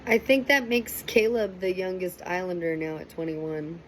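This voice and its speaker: A young woman casually recapping and reacting to a TV episode, chatty and animated, with a faint hiss behind her. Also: lowish voice, normal speed, low-quality recording. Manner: chatty, animated, quotes people in raised voices. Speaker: reaction commentator.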